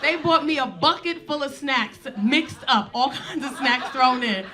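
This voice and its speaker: Woman stand-up comic, fairly high voice, animated and profane, live crowd laughing. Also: a little slow. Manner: animated, profane, building to shouts. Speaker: stand-up comedian. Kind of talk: stand-up storytelling. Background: audience laughter.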